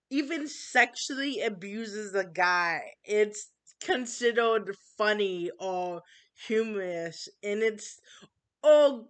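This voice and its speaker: A woman speaking slowly and earnestly in a casual monologue, often pausing on fillers and restarting her sentences. Her voice is bright and smooth. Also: medium pitch. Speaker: channel host.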